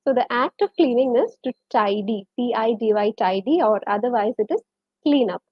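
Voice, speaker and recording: A woman's voice: quick pace, breathy edge, no echo. A woman with a Malayali English accent teaching a live-streamed English lesson, switching between English and Malayalam and greeting viewers by name. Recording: muffled, low-fidelity stream audio.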